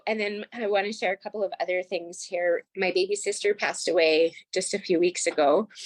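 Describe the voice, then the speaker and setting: A woman's voice: lowish voice, no echo, poor audio. Woman in her 40s on a video call telling her story, earnest and chatty, keeps saying like, dry sound. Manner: earnest, chatty, says "like" often. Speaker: tapping practitioner and guest. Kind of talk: emotional personal story.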